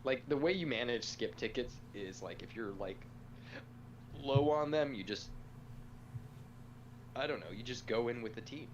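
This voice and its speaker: A man's voice: mid-range voice, lively intonation, unhurried, pauses often, dull audio. Hesitant man over humming noise. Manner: hesitant, explaining with many "like"s. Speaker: game streamer. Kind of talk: casual chat.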